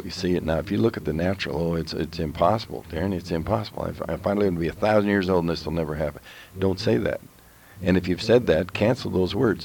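A man's voice: deep voice, vocal fry, a little mellow. A man co-hosting a Christian talk show, urging his listeners directly in a preaching manner. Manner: exhorting, direct address to listeners. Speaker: co-host.

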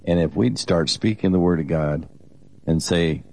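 A man's voice: low-pitched, moderate pace, darkish tone, a little hiss or hum. A man co-hosting a Christian teaching program, talking earnestly in a conversational, exhorting way, often restarting his sentences.

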